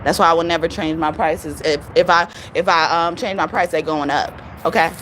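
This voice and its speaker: A woman giving a casual live tarot reading, with a strained voice, animated and profane, repeating phrases for emphasis. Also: low voice, moderate pace, a little hiss or hum. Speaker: tarot reader.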